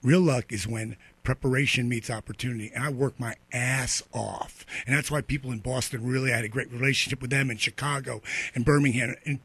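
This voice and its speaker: Gravelly fifties guy on a radio show, husky voice, dry studio sound, loud blunt storytelling. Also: medium pitch, steady tone, fairly quick, no room sound. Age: 50s. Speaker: guest. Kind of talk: casual radio interview.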